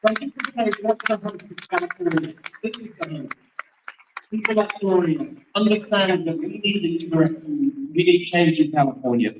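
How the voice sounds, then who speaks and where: A man's voice: high-pitched, expressive, normal speed, noisy background. Chatty Englishman on a roomy stage. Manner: self-deprecating, chatty, apologetic asides. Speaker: political speaker. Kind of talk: panel talk on stage. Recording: echoey room from far off.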